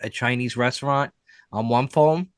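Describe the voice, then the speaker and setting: Rambling, animated podcast co-host man. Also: medium pitch, moderate pace, clean tone, no echo. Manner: rambling, lots of fillers, animated storytelling. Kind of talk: casual chat.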